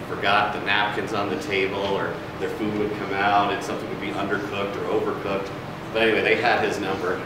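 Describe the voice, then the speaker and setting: A man with a lowish voice rambles through a chatty story, full of fillers, before shifting into running a staff training session. He stands well away from the microphone in a big, very echoey room. A faint hiss of noise sits underneath. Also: recorded from a distance. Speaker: food and beverage trainer. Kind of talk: storytelling, then presenting to a room.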